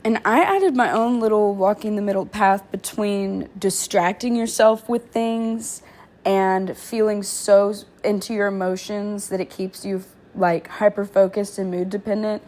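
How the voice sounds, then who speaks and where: A woman reading meditation instructions in a slow, soothing way, then dropping into relaxed, offhand commentary. Her talk is informal and loose, with fillers and casual slang between the calm read-aloud passages. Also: medium pitch. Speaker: vlogger sharing therapy skills lessons.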